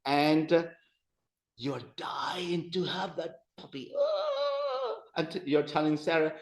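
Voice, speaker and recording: A man leading an adult Spanish class, speaking slowly and deliberately. His voice sits a little high for a man, and he repeats each word patiently so his students can practice it. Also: big pitch swings, vocal fry, rough recording. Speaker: Spanish teacher. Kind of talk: adult evening class teaching.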